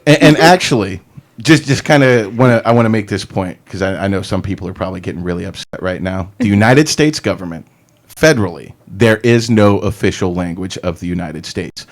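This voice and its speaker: A man's voice: sits low, lively intonation, a little fast. A man co-hosting a talk radio show, explaining his points steadily in casual conversation and laughing easily. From Florida. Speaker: radio co-host.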